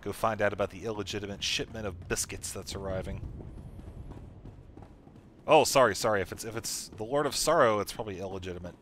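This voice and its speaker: A man's voice: on the low side, fairly quick, fairly bright tone, a little hiss or hum. A man casually commenting while playing a video game, chatty and joking. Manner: chatty, joking, laughs often. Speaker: let's play host.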